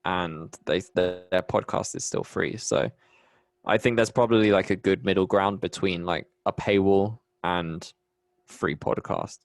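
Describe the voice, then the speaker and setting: Young Bristol-accented man, low-pitched, rambling podcast guest in casual chat, dry sound. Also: fairly even intonation, unhurried, gravelly, dry recording. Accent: English, Bristol. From England. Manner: chatty, rambling, many restarts. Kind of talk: casual conversation.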